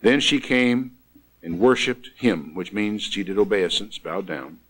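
A man preaching a sermon in an emphatic way, swinging from loud exclamations down to quiet asides. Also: fairly low pitch, measured pace, low-quality recording.

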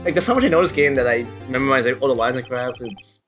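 A man hosting a casual gaming session, excitable and tripping over his words. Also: mid-range voice, quick pace, soft background music. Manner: excitable, stumbling. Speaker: host.

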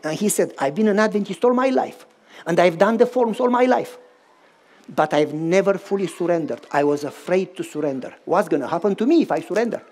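A man's voice: high voice, fairly quick. Romanian-accented male pastor preaching animatedly. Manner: animated, acts out dialogue in shifting voices. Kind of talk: sermon storytelling.

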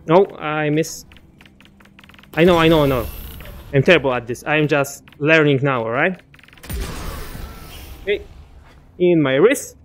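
Man, young, let's-play commentator, chatty, mutters asides, slightly high pitch, faint background noise. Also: unhurried, pauses often. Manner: chatty, talks to enemies, mutters asides to himself. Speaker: gaming commentator.

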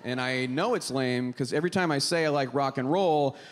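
A man's voice: medium pitch, moderate pace. A man from Pittsburgh doing a wry, self-mocking stand-up set on a comedy club stage into a handheld mic. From Pittsburgh, Pennsylvania.

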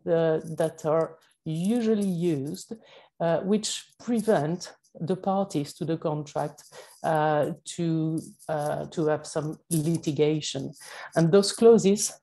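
A woman with a French accent giving a conference presentation, speaking haltingly with many fillers and self-corrections. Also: low voice, mellow, poor audio. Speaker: panel speaker.

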